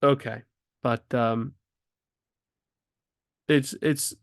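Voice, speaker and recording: Slow, gravelly man teaching grammar. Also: medium pitch, fairly even intonation, dry recording, clean studio sound. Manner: slow, thinking aloud with many ums and restarts; rhetorical questions asked with rising emphasis. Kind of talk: casual grammar lesson.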